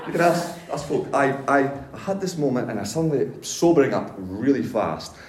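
A man's voice: medium pitch, brisk, very noisy. Male pastor, storytelling sermon, casual and self-deprecating; roomy church-hall echo. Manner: animated, self-mocking, casual slang. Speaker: pastor giving a testimony.

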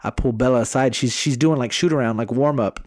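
A man co-hosting a podcast, telling a story in a casual, animated way with plenty of swearing. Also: medium pitch, a little fast, no echo, clean studio sound. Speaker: podcast co-host.

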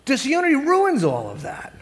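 A man with a high voice delivers a sermon as a pastor. His preaching is earnest and conversational, full of rhetorical questions put to the congregation. His voice rings out with the long reverb of a large church hall. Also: huge pitch swings, normal speed.

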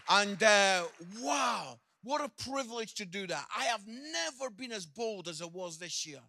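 High, bright Scottish preacher man. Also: a little slow, gravelly. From Scotland. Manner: jokey, animated, lively anecdotes. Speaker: visiting preacher and comedian. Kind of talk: humorous sermon storytelling.

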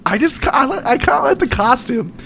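Young dude on a podcast, gravelly voice, swings all over, swearing and cracking himself up. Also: male voice, very high voice, big pitch swings, a little fast, sharp tone, slight background noise. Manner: laughing, riffing, swearing, silly bits. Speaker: podcast co-host. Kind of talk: crude comedic banter.

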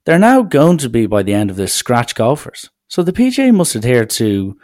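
A man's voice: mid-range voice, huge pitch swings, normal speed, darkish tone. A young man, rambling sardonically through a casual solo podcast. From Ireland. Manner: sardonic, rambling, mock-serious. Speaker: podcast host.

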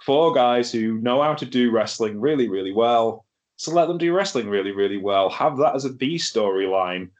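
A chatty man talks through a wrestling show in a casual podcast review. His delivery is wry, he laughs easily, and his voice sits at an ordinary mid pitch. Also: lively intonation, moderate pace, highs cut off. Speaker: podcast host.

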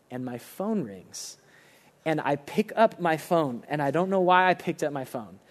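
A young man preaching a sermon in a casual, conversational way, full of fillers, acting out the people in his stories. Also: a little high. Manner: acts out dialogue in shifting voices. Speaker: pastor.

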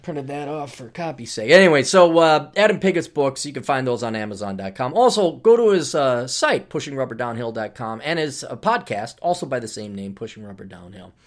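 A man's voice: mid-range voice, animated, fairly quick, hardly any pauses. A man hosting a casual podcast monologue, talking in a sarcastic, ranting way. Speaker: podcast host.

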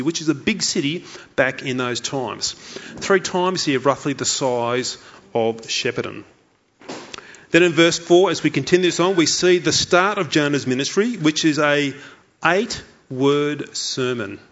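A man's voice: a little high, a bit bright. A man preaching a sermon as pastor, emphatic and repeating key lines for effect. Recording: dull lo-fi sound.

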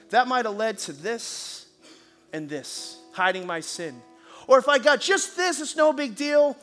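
A pastor with a high, bright voice delivers a sermon in a church, animated as a storyteller and hushed and earnest when he prays. A guitar plays softly underneath. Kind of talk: sermon with storytelling and altar call. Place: church auditorium.

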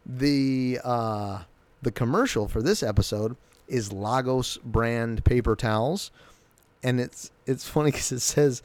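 A man's voice: medium pitch, slow pace, no room sound. Guy rambling thru a tv episode recap, all fired up, lots of ums, dry close mic. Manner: rambling and excitable, with many fillers and restarts. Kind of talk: casual spoken episode recap.

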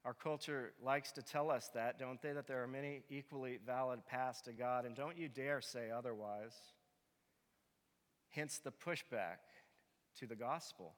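A man's voice: mid-range voice, a little slow. A male pastor preaching a sermon, emphatic and direct, often asking his listeners rhetorical questions. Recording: long reverb of a large hall.

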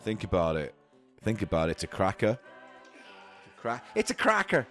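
A man's voice: on the low side, wildly swooping pitch, normal speed, fairly bright tone. A man co-hosting a rowdy comedy podcast, rambling and mock-grumpy, often giggling. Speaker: podcast co-host. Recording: faint music behind.

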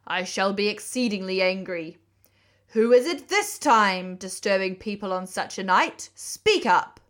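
Woman doing a gruff old storybook badger. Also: lively intonation, normal speed, a bit bright, close to an everyday voice. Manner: gruff, booming, paternal. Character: gruff old male badger, suspicious then kindly.

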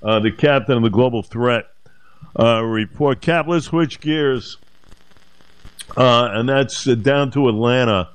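A man's voice: medium pitch, unhurried, clean tone, dry recording. A man hosting a talk radio show, speaking emphatically and indignantly, repeating his points.

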